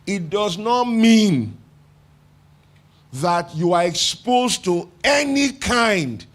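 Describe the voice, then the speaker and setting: A man's voice: high-pitched, expressive, very slow. A man with a Nigerian English accent preaching a sermon as pastor, talking conversationally, asking the congregation questions and repeating phrases for emphasis.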